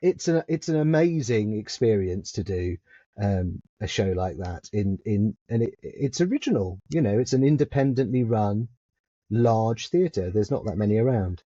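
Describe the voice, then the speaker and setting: A man with an English RP accent, a theatre performer guesting on a podcast, telling anecdotes in a lively way and acting out the voices of the people in his stories. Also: on the low side, moderate pace, dry recording, dull audio. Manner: lively storyteller who acts out other people's voices. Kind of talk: anecdotal storytelling in conversation.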